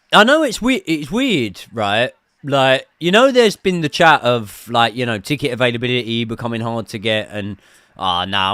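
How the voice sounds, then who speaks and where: A young man talks loosely through a football watchalong, dropping the odd swear word as he answers his viewers. His voice is smooth and clear, at an ordinary middle pitch. The sound is dry and close, with almost no room around it. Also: fairly bright tone, no room sound. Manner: chatty, swears casually, reads out viewer messages. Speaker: host of a football watchalong stream. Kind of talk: casual live-stream chat and commentary.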